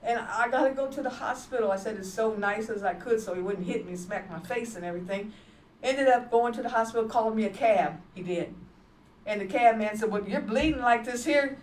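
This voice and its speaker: A woman's voice: mid-range voice, fairly quick, darkish tone, slight background noise. A woman evangelist giving her testimony in an emphatic, repetitive, plainspoken way. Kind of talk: testimony preaching. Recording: echoey room from far off.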